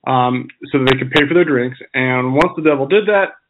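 A man's voice: mid-range voice, brisk, noisy background. Laid back guy co-host telling a spooky folk story, medium voice, sounds like a phone call. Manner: relaxed, chatty, with restarts. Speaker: podcast co-host. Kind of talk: casual storytelling chat.

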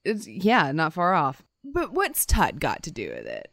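A woman's voice: low voice, wildly swooping pitch, unhurried, gravelly, crowd noise. A woman co-hosting a podcast, telling a story in casual chat and acting out quotes with playful voices. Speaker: podcast co-host.

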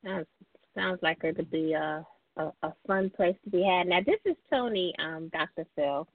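A woman's voice: fairly low pitch, normal speed, gravelly, no echo. Giggly woman co-host on a tinny line. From Alabama. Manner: giggly, friendly interjections. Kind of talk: casual interview chat. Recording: tinny phone-like call audio, dry.

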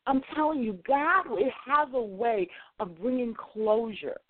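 A woman's voice: on the high side, lively intonation, unhurried, dry recording. A woman co-hosting a radio talk show, telling a personal story expressively with emphatic repetition. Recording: phone-like narrow band.

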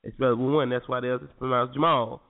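A man's voice: medium pitch, steady tone, fast talker. A man co-hosting a live morning talk show, joking and teasing bluntly in casual banter. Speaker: co-host. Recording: tinny phone-quality line.

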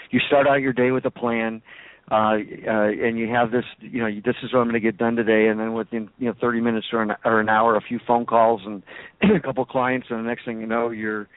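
A man's voice: lowish voice, dry recording. A man who works as a financial consultant, talking hesitantly in a panel discussion with many fillers. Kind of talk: casual panel talk. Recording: tinny dry phone-like line.

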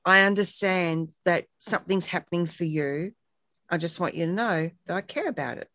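A woman's voice: lowish voice, normal speed, dry recording. Woman, reflective storytelling, casual chat, dry close sound. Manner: warm, reflective storytelling with acted quotes. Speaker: guest on a support talk show.

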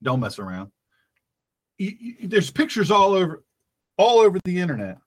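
A man's voice: sits high, big pitch swings, moderate pace. A man hosting a talk radio show, speaking as a pastor in a fervent, emphatic monologue that repeats phrases for effect.

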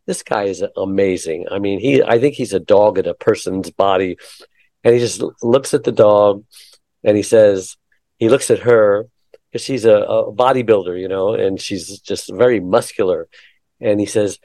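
A man's voice: on the low side, moderate pace, mellow, no room sound. A man hosting an interview, telling a story in a chatty way with frequent hesitations. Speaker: interview host. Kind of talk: casual interview conversation.

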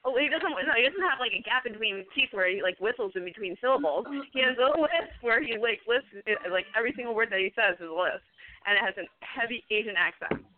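A man's voice: extremely high pitch, animated, fast talker. A man co-hosting a podcast, chatting casually, rambling and laughing often. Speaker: podcast co-host. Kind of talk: casual chat. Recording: tinny phone-like sound, faint hiss.

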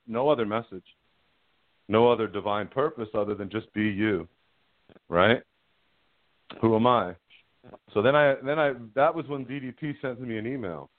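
Middle-aged man, low voice on a tinny phone line. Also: no room sound. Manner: rambling, frank, laughs at himself. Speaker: guest caller. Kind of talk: candid personal storytelling.

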